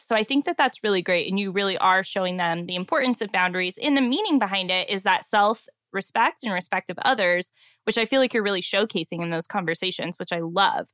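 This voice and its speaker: A woman's voice: medium pitch, brisk, no room sound, clean studio sound. A woman hosting a podcast, chatting casually and affirming her guest with lots of filler words. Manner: warm, affirming, chatty with many "like"s. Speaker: podcast host. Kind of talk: casual interview chat.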